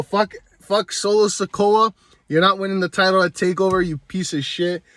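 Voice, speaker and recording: A man's voice: high-pitched, a bit bright, dry recording, clean studio sound. A man hosting his own video show, delivering a heated, rambling rant full of constant swearing. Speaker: vlogger, show host. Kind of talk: profane comedic rant.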